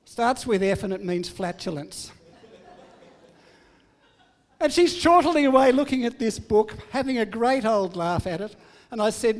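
A man's voice: high-pitched, animated, a little slow, pauses often, in a large hall. An older man giving a sermon, telling family stories in a humorous, self-deprecating way. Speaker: preacher.

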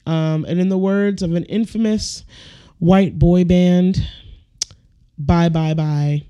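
A woman's voice: lowish voice, fairly even intonation, slow pace, dark tone, smooth, muffled recording. A woman hosting her own podcast, ranting bluntly and comically with heavy profanity. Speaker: podcast host. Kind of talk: casual comedic rant.

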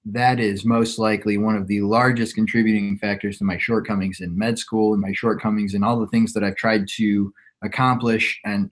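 Podcast guest, male, 20s, lower pitch, reflective rambling delivery. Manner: reflective, rambling with frequent restarts. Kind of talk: casual conversation.

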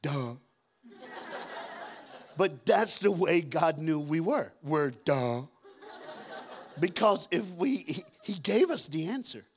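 Animated preacher man. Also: measured pace, few pauses. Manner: animated, acts out scenes with shouted high voices and deep voices. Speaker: guest preacher. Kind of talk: storytelling sermon. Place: church auditorium.

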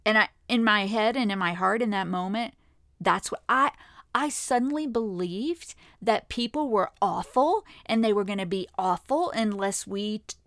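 A woman in her fifties hosting a podcast, telling a personal story to listeners in a candid, chatty way that sometimes drops to a hush. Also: medium pitch, creaky, no room sound, studio quality. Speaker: podcast host.

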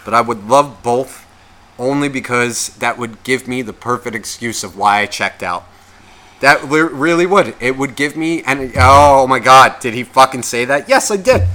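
A man co-hosting a podcast, telling stories in casual, profane, animated chat. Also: medium pitch. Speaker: podcast co-host.

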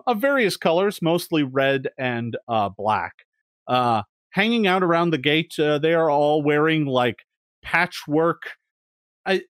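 Casting: male game master, animated pitch, halting narration, dry close sound. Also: no room sound. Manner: hesitant, many fillers, laughs at the players.

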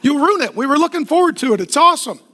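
A middle-aged man preaches a sermon in a strikingly high voice. He drives his points home with rhythmic repeated phrases and slips into lively, conversational stories. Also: quick pace. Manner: emphatic, rhythmic repetition with lively storytelling asides. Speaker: pastor.

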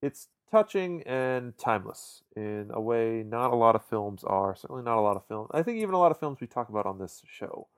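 A man co-hosting a casual film podcast, agreeable and relaxed, steering toward the closing question. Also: medium pitch, brisk, hardly any pauses. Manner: relaxed, agreeable, wraps up segments. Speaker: podcast co-host.

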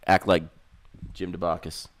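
Deep-voiced laid-back man. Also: level tone, measured pace. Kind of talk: casual chat with friends.

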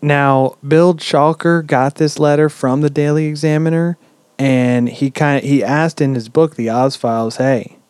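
A man hosting a podcast, telling a story in a relaxed, chatty way with lots of "um"s and casual swearing. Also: a little high, measured pace, clean tone, dry recording. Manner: relaxed, swears freely, many "um"s. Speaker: podcast host.

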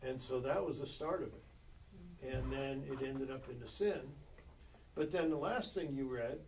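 Study group member: man, very slow and halting, heard from a distant mic with faint noise. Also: medium pitch, a little mellow. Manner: halting, thinking aloud with many ums. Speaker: Bible study participant. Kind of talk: group Bible study discussion.

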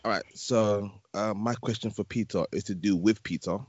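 A man's voice: lowish voice, fairly even intonation, normal speed, a little mellow, husky, no room sound, muffled recording. A man hosting a casual podcast, playful and joking, laughing often as he talks. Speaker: podcast host.

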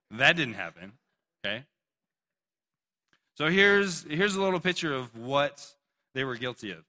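A young male pastor giving an animated, joking sermon and calling on listeners by name. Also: medium pitch, measured pace, long pauses. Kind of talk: youth sermon.

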